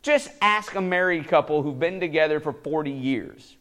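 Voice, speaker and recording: A man with a notably high voice preaches a sermon in a church. He talks in an animated, conversational way, chuckling and doubling back on words as he goes. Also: normal speed, hardly any pauses. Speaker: pastor.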